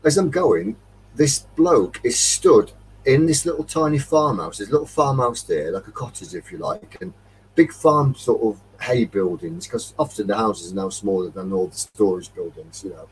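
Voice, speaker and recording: A man's voice: fairly low pitch, expressive, normal speed, distant mic, a little hiss or hum, low-quality recording. Rambling, tipsy Derbyshire man telling a story. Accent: English Midlands. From Derbyshire, England. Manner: rambling, chuckling anecdotes, acting out dialogue. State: tipsy after a few beers. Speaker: metal detecting chat host. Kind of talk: casual storytelling chat.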